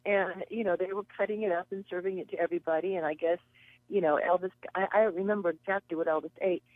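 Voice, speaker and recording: A woman's voice: on the low side, fairly even intonation, fast, dry recording. A woman guest on a radio show telling long, chatty stories and acting out the voices of people she quotes. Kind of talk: casual storytelling. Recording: tinny phone line.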